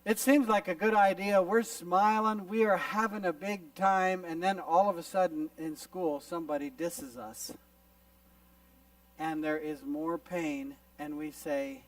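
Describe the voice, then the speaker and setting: A man's voice: high voice, unhurried, vocal fry, no room sound, recorded from a distance, poor audio. A man preaching to a youth gathering at a camp, illustrating his points and acting out little scenes as he goes. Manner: animated storyteller who acts out little scenes. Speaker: youth conference speaker. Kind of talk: youth sermon with visual illustrations. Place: camp meeting hall.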